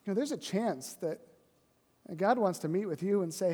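A man preaching a sermon as pastor, conversational and often asking "right?", dropping to a soft, low voice for emphasis. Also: expressive, moderate pace, slightly rough, in a large hall.

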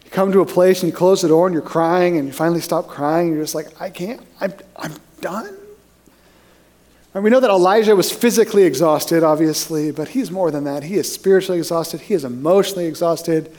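Male pastor with a high voice, animated storyteller who sinks to near-whispers at key points. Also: quick pace, hardly any pauses. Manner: animated storyteller who drops to a hushed voice for emphasis. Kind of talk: sermon.

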